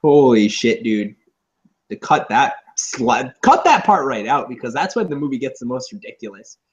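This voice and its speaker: A man co-hosting a casual movie review chat, sarcastic and animated, swearing freely. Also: medium pitch, normal speed. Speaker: podcast co-host. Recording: dull lo-fi audio.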